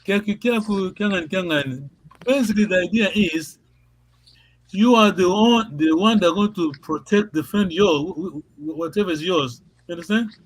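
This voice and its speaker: A man teaching a language class on a video call, patient and halting, often repeating words and laughing. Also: high-pitched, rough recording.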